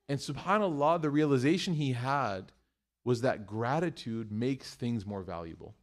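A middle-aged man giving a religious talk, telling a family story in an animated way, acting out quotes and using Arabic phrases. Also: mid-range voice, normal speed. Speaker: Muslim speaker.

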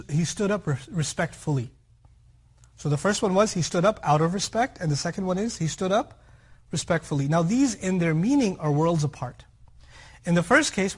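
Male Quran teacher, higher register, husky edge. Explanatory lecture with humorous examples, checks in with the audience. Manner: explains by contrast and example, with lively humorous asides; checks in with listeners.

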